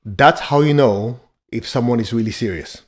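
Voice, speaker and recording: Speaking at normal speed with a medium pitch, this man delivers a motivational talk as a spiritual teacher. He hammers his points bluntly and emphatically, mixing in jokes and laughter.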